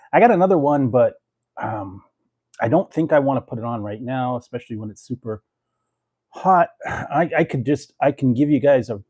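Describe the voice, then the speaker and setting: A man's voice: mid-range voice, dark tone, slightly rough, dry recording, studio quality. A man chatting casually to his viewers as a food review vlogger, rambling with lots of fillers and laughing often between phrases. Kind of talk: casual chat to camera.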